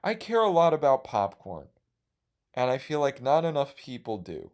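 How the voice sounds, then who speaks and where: A man's voice: medium pitch, very animated, moderate pace, darkish tone. A young man hosting a podcast, rambling casually on his own with a self-deprecating, profane humor. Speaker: podcast host.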